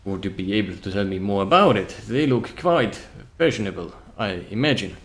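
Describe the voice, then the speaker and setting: Man doing a fawning male merchant, formal put-on accent, lively swoops, tabletop game. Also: on the low side, normal speed, slight background noise. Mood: courteous. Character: courtly scheming male market vendor.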